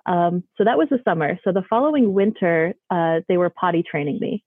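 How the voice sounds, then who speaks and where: A woman's voice: on the low side, animated, brisk, dry recording. A woman telling a personal story casually, rambling loosely with many fillers like "like" and "um". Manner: chatty, loose, lots of "like" and "um". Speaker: guest telling ghost stories. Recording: dry, tinny phone-like line.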